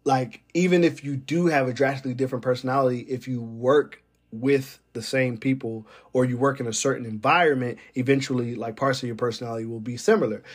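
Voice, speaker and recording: A man's voice: medium pitch, fairly quick, husky. A man talks casually about workplace personalities, wandering off on tangents as he goes. His speech is full of fillers and restarts. Now and then he gives a wry, uncomfortable laugh. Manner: rambling, digressive, many fillers. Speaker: military weather forecaster. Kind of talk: casual monologue.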